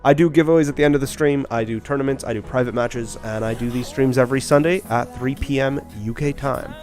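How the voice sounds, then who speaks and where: Male game streamer, mid-pitched, rapid chatty delivery, soft music bed underneath. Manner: fast-talking, chatty, self-deprecating. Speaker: live streamer. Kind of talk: casual live-stream chat. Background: faint background beats.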